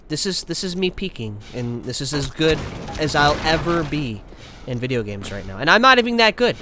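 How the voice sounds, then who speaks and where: Male gaming YouTuber, high and bright voice, panicky outbursts between muttered asides, at a desk mic. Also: slight background noise. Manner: excitable, yelps and panics, then mutters to himself. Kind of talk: let's play commentary.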